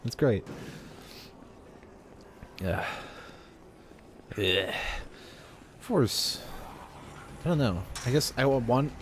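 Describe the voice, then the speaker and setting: A man's voice: mid-range voice, animated, very slow, pauses often, a little hiss or hum. A man giving chatty, rambling commentary while he plays a video game, often talking to himself. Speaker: gamer. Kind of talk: let's play commentary.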